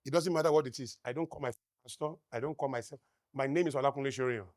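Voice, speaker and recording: A man with a Nigerian accent giving a live motivational talk, emphatic, firing rhetorical questions at the crowd and swinging between loud declarations and quiet asides. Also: medium pitch, racing, dry recording, studio quality. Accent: Nigerian English. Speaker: motivational speaker. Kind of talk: live stage talk to an audience.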